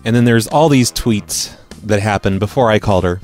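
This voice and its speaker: A man's voice: fairly low pitch, moderate pace, a little mellow, soft background music. A man hosting a prank call podcast, blunt and sarcastic in casual commentary. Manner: blunt, sarcastic, reads tweets aloud. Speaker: podcast host.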